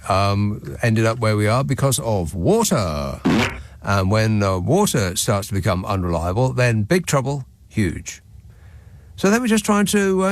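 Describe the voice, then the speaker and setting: Sardonic man hosting a phone-in. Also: medium pitch. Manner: sardonic, dry asides. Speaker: radio talk show host. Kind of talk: late-night phone-in chat. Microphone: studio microphone.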